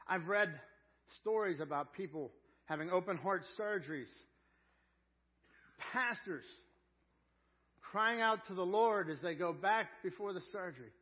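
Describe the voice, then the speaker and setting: A man preaching a sermon as a pastor. He is earnest and folksy, repeats words as he searches for them, and swings between loud emphasis and quiet intensity. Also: a little high, lively intonation, a little slow, pauses often. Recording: dull lo-fi church audio.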